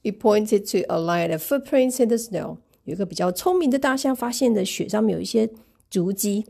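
Woman reading a children's book aloud, gravelly, husky, dark tone. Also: mid-range voice, a little fast. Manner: gentle, expressive, retells each page. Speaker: storybook reader. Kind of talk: bilingual picture book read-aloud.

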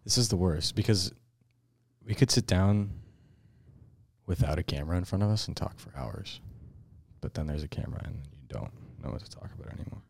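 A man's voice: deep voice, a little fast, vocal fry, darkish tone, husky, no echo. A young man co-hosting a casual podcast, rambling and full of fillers. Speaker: podcast co-host. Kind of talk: casual chat.

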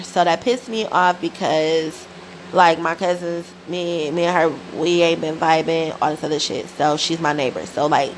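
Gravelly-voiced woman telling a profane story. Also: sits low, slight background noise, low-quality recording. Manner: profane, animated storytelling with slang. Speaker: podcast host. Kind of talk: casual storytelling monologue.

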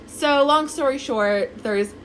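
A woman's voice: sits high, slow pace, slight background noise, low-quality recording. A woman telling a dating story in casual chat, acting out quotes and swearing freely. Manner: animated, swearing, acts out quotes.

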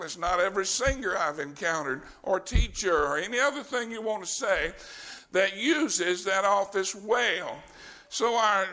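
A man's voice: high voice, pushed and bright. A man preaching a sermon at a deacon ordination, folksy and colloquial.

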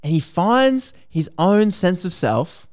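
An Australian man hosting a podcast, retelling a story in a casual, lively, slangy way. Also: high voice, slow pace. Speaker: podcast host.

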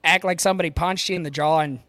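A man's voice: a little high, fairly even intonation, quick pace, a bit bright, no room sound. A man from Michigan's Upper Peninsula with a Yooper accent, co-hosting a casual podcast in a joking, teasing, profane way. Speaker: podcast co-host, voice actor. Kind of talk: casual chat.

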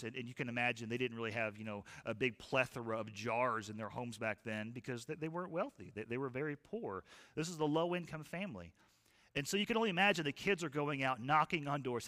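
A man preaching a sermon as a pastor, telling stories in an animated, folksy way. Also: on the high side, fairly quick, in a large hall.

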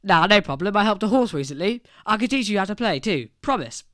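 A man's voice: high-pitched, lively intonation, a little fast, pushed and bright, no echo, studio quality. A man voicing a laid-back music shop clerk on the phone, breezy and reassuring.

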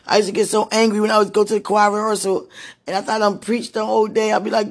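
A woman with a hoarse, husky voice, worn from preaching and crying, talking casually to God in a prayerful monologue and calling out to him between sentences. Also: mid-range voice, steady tone, brisk. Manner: talks to God aloud, breaks into moans and exclamations. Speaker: street preacher.

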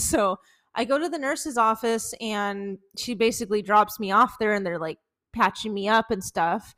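Chatty and full of laughter, a twenty-something woman co-hosting a podcast recounts embarrassing stories, using "like" again and again. She speaks at normal speed in a mid-range, fairly bright voice.

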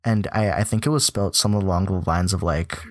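A young man chatting casually on a podcast, rambling with lots of "like" fillers and breaking into a mock-excited high voice when joking. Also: quick pace, no echo, studio quality. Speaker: podcast co-host. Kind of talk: casual chat.

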